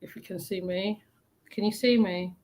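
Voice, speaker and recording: A woman hosting a casual chat, animated, repeating herself and laughing often. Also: medium pitch, normal speed. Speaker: host.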